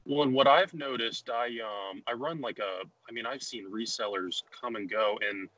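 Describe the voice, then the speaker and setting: A man's voice: medium pitch, moderate pace, pushed and bright, no room sound, highs cut off. A young man hosting a podcast, talking loosely with lots of restarts and fillers. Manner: rambling, many restarts and fillers. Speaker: podcast host. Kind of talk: casual conversation.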